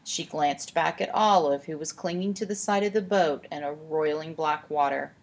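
A woman narrating a storybook aloud in a steady, expressive way. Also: sits low. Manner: steady, expressive, slows for tense moments.

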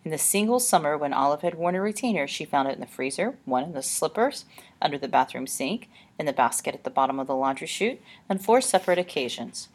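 A woman narrates an audiobook in a calm, measured storytelling manner. Her voice is on the lower side and slightly husky.

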